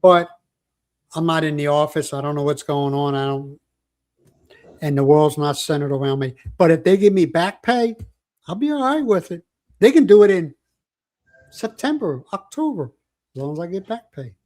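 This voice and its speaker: A man's voice: on the high side, animated, normal speed, long pauses, darkish tone. An older man hosting a casual livestream chat, telling rambling stories and joking with viewers. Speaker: livestream host.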